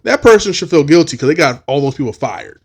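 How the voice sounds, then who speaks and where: A man hosting a podcast, chatting casually and telling lively stories. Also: a little high, quick pace, creaky, slightly rough. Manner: animated storytelling, acting out quotes, swearing freely. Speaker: podcast host.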